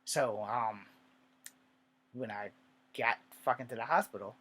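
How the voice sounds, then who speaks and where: A man's voice: mid-range voice, measured pace, a bit bright, breathy edge. A man telling a personal story in a casual, rambling way, swearing often and drifting into asides. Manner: rambling and profane, with many asides.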